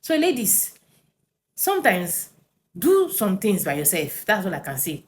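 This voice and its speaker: A woman tells a personal story to camera in an animated way, with tag questions and fillers. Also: medium pitch, a little slow, a little hiss or hum.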